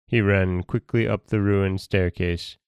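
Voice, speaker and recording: A man hosting a podcast and reading a folktale in a calm, measured storytelling manner. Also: sits low, smooth, dry recording, muffled recording.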